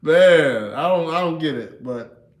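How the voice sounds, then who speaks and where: Man in his thirties, casual livestream talk, laid-back chuckling delivery, fairly high voice, roomy echo. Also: lively intonation, takes it slowly. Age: 30s. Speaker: livestream host.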